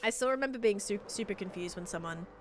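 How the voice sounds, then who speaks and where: A woman's voice: mid-range voice, fast talker. A woman chatting casually and bubbly on a live stream while playing, thanking her viewers. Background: faint background music.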